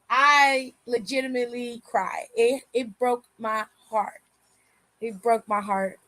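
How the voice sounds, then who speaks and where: High-voiced swearing woman host. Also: fairly bright tone, no echo. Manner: candid, swears freely, laughs often. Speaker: aftershow host reading chat. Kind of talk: casual livestream chat.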